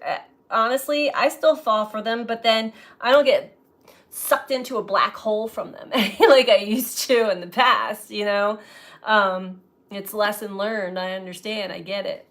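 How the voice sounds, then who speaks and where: A woman tarot reader reflecting aloud in a slow, musing way, often breaking into light laughter. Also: medium pitch, fairly bright tone. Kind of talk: spiritual reflection to camera.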